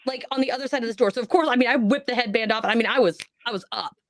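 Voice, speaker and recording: A woman's voice: on the high side, racing, dry recording, clean studio sound. A woman on a podcast telling a personal ghost story, acting out the voices she quotes. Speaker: podcast guest.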